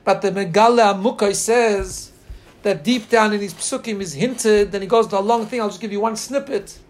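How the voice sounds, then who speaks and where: A man giving a Torah class, telling a midrash with earnest storytelling and pausing to look up the text on a shared screen. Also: high voice. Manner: earnest storytelling, slow drawn-out quotes. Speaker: Torah teacher.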